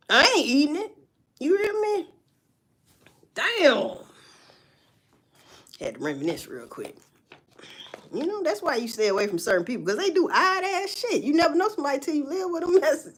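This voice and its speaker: A woman in her forties rants casually to viewers in a high-pitched voice at normal speed, leaving long pauses. She's loud and swears, telling animated stories punctuated by laughter.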